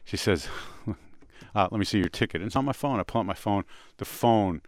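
A man hosting a radio show, telling an animated anecdote in casual chat with quick restarts. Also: on the low side.

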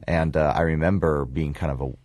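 A man with a Southern US drawl and a remarkably low, deep voice tells stories in an interview. He loops back and repeats words as he goes. The sound is close and dry. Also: a little fast, no echo. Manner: relaxed, repeats words and restarts, acts out quoted lines. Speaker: film writer-director. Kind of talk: storytelling in an interview.

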